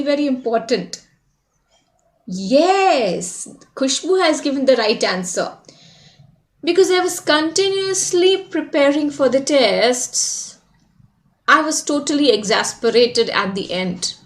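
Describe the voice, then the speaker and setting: A woman with an Indian English accent teaching vocabulary in a live online class, calling on students by name and switching into Hindi for quick explanations. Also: sits high.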